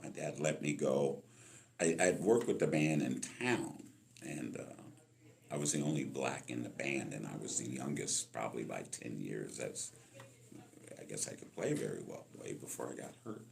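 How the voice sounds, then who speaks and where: A Los Angeles musician in his sixties tells stories as a guest on an interview podcast, acting out the voices of people he quotes. His voice is a rumbling, gravelly low, expressive, at a moderate pace.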